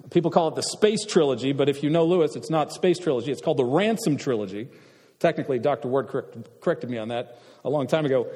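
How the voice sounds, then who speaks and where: Guy lecturing a class, kinda high voice, big roomy hall echo, throws questions at the crowd. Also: darkish tone. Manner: asks the audience questions, halting with fillers and restarts.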